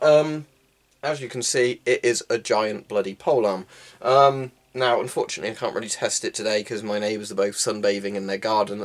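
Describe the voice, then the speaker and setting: A man casually showing off and explaining a homemade weapon in a rambling, chatty way, with plenty of ums, indoors at home. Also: lowish voice. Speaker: hobbyist weapon maker. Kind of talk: casual show-and-tell vlog. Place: indoors at home, low-ceilinged room.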